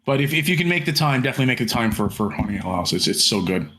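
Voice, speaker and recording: A man's voice: mid-range voice, big pitch swings, rapid-fire, sharp tone. Rambling podcast guy, full of ums. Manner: rambling with many fillers and restarts; casual swearing. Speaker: podcast co-host. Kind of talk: casual chat.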